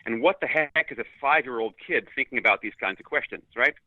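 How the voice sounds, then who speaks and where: A man's voice: mid-range voice, quick pace, no echo, phone-quality sound. A man from New York City answering interview questions in an upbeat, articulate way. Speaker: guest, leadership consultant.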